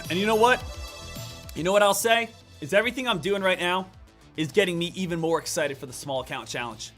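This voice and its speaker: A man streaming live stock trades, muttering over charts and then ranting loudly and excitedly. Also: high-pitched, a little fast, soft background music. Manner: swings from muttered chart reading to loud excited rants. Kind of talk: live trading stream commentary.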